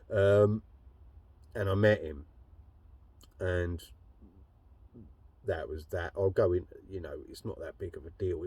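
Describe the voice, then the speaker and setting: A man's voice: sits low, darkish tone, dry recording. A man telling a personal story in a blunt, rambling way, swearing heavily. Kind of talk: casual storytelling monologue.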